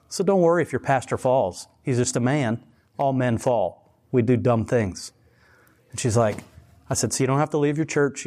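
A man's voice: mid-range voice, darkish tone. A man preaching in a casual, conversational sermon style, telling stories with many restarts and laughing at himself. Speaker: pastor.

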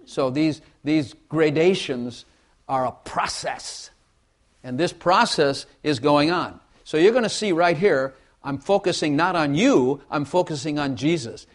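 A man's voice: a little high, unhurried. A man preaching a sermon in a folksy way, repeating phrases and asking the congregation for amens.

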